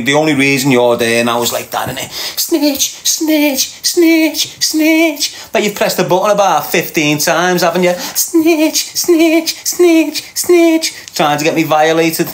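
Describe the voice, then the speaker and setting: A man with a Liverpool Scouse accent hosting a livestream, reading viewer comments aloud and mocking them with banter and frequent laughs. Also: fairly high pitch. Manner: mocking banter, laughs often, talks back to chat. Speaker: livestream host.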